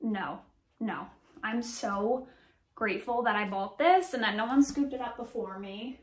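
Bubbly woman vlogger, chatty and gushing, a touch high-pitched. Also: measured pace, roomy sound, slight background noise. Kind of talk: casual show-and-tell vlog.

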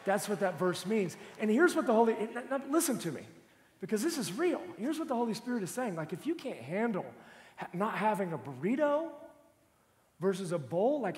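Lively comic pastor, bright high voice, booming church-hall echo. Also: male voice. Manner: animated, comic storytelling, bursts of shouting. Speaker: lead pastor. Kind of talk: sermon with humorous personal story. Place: church auditorium. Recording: long reverb of a large church hall.

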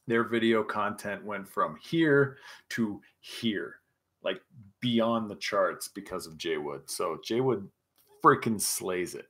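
Tipsy dude rambling on a livestream, swears a lot, tells stories. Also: male voice, lowish voice, takes it slowly, a bit bright. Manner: rambling, profane, laughing storyteller. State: tipsy from drinking scotch. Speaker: livestream host. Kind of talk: casual livestream chat.

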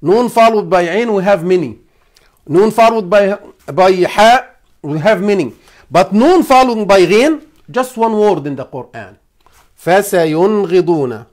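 A man, an imam teaching a class on Quran recitation rules. He repeats phrases, quizzes his students and sounds out letters slowly. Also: sits high, lively intonation.

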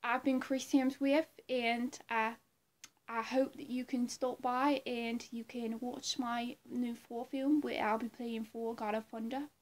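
A cheery, rambling Australian man, throwing out slang greetings at a bit of a high pitch and an unhurried pace, as a woman puts him on. It is a comedic impression. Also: level tone, natural voice. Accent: Australian (put on). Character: man doing a boastful Australian film star.

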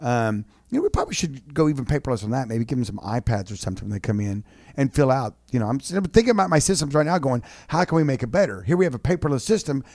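A man's voice: mid-range voice, big pitch swings, fast, a little mellow, dry recording, clean studio sound. A man co-hosting a business talk show, chatty and reacting with enthusiasm. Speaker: co-host, doctor and business owner.

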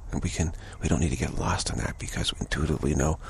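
A man giving a slow, contemplative spiritual talk, halting and repeating words, his voice rough with early morning. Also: very deep voice, fairly even intonation, noisy background. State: early morning voice, clearing throat. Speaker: spiritual teacher.

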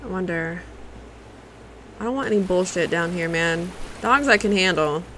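A woman's voice: on the low side, normal speed, fairly bright tone, slight background noise, rough recording. A woman livestreaming a video game, reacting with curses and chatting to her viewers. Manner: profane, reactive, talks to chat. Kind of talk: casual live gameplay commentary.

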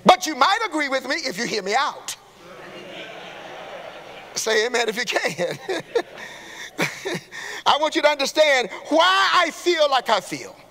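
A man preaches a sermon in a church sanctuary. His voice sits very high and sounds bright and forceful. A long hall reverb trails every phrase, and he calls out to the congregation and rises to shouts. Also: very animated, takes it slowly, pauses often. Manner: call-and-response preaching, rising to shouts.

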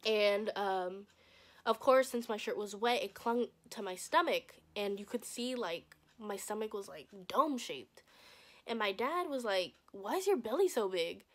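A woman's voice: mid-range voice, lively intonation, measured pace, fairly bright tone. A young woman vlogger telling a personal story in a casual, blunt, profane way, acting out what people said. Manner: profane, blunt, acts out quoted voices.

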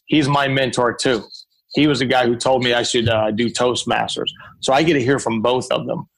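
A man with a gravelly, husky voice tells stories in a podcast interview. He talks about his mentor and slips into quoted voices. His delivery is animated and anecdotal. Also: mid-range voice, moderate pace, rough recording. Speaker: guest, author and speaker.

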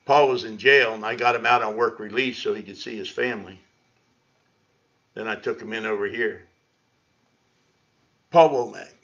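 Bright-voiced preacher, lo-fi stream. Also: male voice, fairly low pitch, fairly even intonation, normal speed, creaky, pauses often. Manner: conversational preaching with sarcastic asides. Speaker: pastor. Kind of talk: sermon. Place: church sanctuary. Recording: lo-fi livestream audio.

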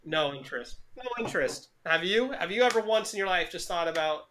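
A man's voice: sits high, animated, fast talker, a bit bright, slight background noise. A man co-hosting a podcast in casual chat, ranting with lots of profanity. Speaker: podcast co-host.

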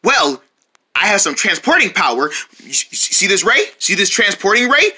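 A woman's voice: mid-range voice, sing-song, moderate pace, noisy background, lightly acted. A woman voicing a snooty, clingy cartoon girl pig who gushes and teases in a singsong way. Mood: smug. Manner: gushing, teasing, singsong. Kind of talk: cartoon voice acting.

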